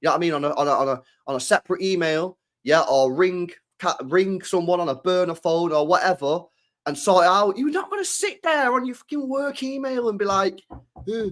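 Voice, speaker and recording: A young man hosts a podcast in a casual, profanity-laced rant, his voice pitched high and moving fairly quickly. He's animated, curses constantly, and keeps throwing out rhetorical questions.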